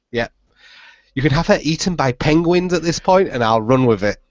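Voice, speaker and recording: A man's voice: on the high side, animated, normal speed, dry recording. A man co-hosting a podcast in casual chat, sarcastic and emphatic, laughing often. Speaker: podcast co-host. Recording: muffled dry podcast audio.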